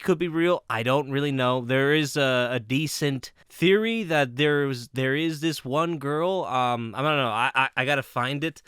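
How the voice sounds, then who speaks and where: A man talking in a lively, swooping voice with a bright, sharp edge, often breaking into laughter and dropping casual swears. He sounds close and dry, as if speaking straight into his own mic for a vlog. His pitch sits a little high for a man. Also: clean tone, dry recording. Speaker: commentator.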